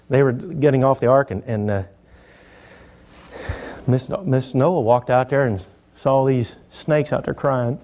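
A middle-aged man with a medium-pitched voice preaches a sermon in a folksy, joking manner. He swings between loud, emphatic lines and quiet asides.

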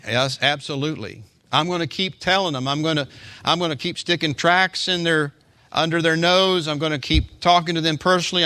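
Male pastor, sermon, bright forceful voice, dry close sound. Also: fairly high pitch, dry recording. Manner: conversational preaching with rhetorical asides.

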